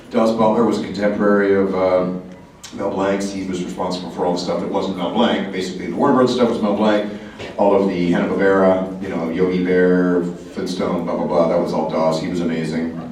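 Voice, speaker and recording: A man, a voice actor, speaking at a convention panel and jumping into quick voices and asides. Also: low-pitched, fairly even intonation, a little mellow, a little hiss or hum. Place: large convention hall. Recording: echoey hall, mic heard from a distance.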